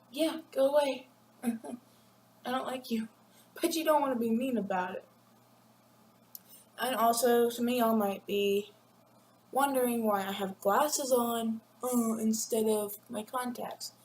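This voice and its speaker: Teen girl vlogger, slow rambling chat, high-ish voice, room echo and faint background hum. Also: steady tone, a little mellow. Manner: rambling, giggly, acts out classmates in quick voices. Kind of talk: casual chat to camera. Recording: echoey room with faint ambience.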